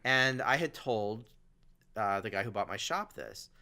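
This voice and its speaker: At a measured pace, a podcast host with a fairly low voice recounts a long personal story conversationally. He's animated and slips briefly into the voices of the people he quotes.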